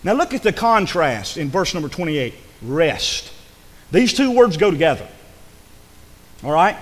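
A man preaching a sermon in church, swinging between loud, emphatic passages and hushed ones. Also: high voice, sing-song, moderate pace, in a large hall. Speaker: pastor.

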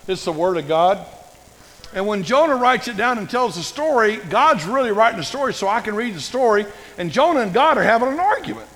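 An older man preaching a sermon as a pastor, folksy and humorous, with animated storytelling. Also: sits high, brisk, long reverb tail, rough recording.

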